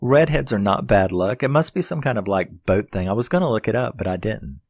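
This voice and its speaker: A man's voice: lowish voice, a little fast, darkish tone, dry recording. A man casually reviewing a horror film, rambling and swearing as he retells the plot with laughs. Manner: rambling, profane, laughing storytelling.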